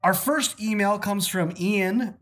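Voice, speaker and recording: A woman's voice: medium pitch, slow. A woman co-hosting a casual podcast, reading out listener emails with lots of fillers and laughter. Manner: giggly, animated, lots of fillers.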